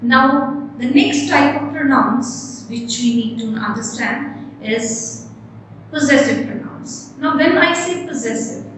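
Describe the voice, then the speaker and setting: Woman teaching grammar, high voice, real echoey room, kinda far from the mic, slow careful explaining. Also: a bit bright, a little hiss or hum. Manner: slow, deliberate, stressing example words.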